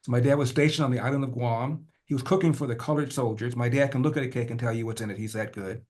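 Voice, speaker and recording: An older man, a podcast guest, telling a personal family story with animated, rhythmic repetition. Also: medium pitch, fast talker. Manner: acts out family dialogue in changing voices.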